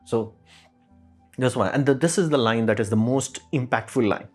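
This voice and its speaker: Man, mid-pitched, rambling opinion commentary, faint background music. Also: normal speed. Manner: rambling, repeats "it's like", fillers. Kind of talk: casual opinion monologue.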